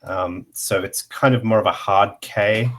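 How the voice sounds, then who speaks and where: A man giving a casual online pronunciation lesson, explaining slowly with many pauses and fillers while sharing his screen. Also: lowish voice, steady tone, a bit bright, a little hiss or hum. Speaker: language teacher.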